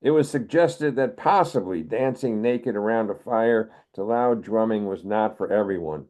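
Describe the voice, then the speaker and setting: An older man from the United States, giving a wry, measured poetry reading as a poet. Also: lowish voice, a little mellow. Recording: narrow phone-like video call audio.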